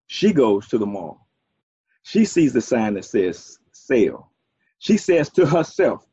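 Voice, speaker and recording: A man's voice: mid-range voice, very animated, unhurried, mellow, husky, no echo. A man preaching a sermon, using folksy asides and a string of "okay"s. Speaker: pastor. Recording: dull, dry, muffled sound.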